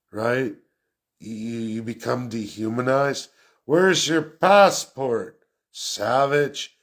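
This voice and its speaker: A man giving an unscripted political rant as a vlogger, talking quickly and emphatically and repeating phrases for effect. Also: mid-range voice. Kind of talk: unscripted ranting monologue.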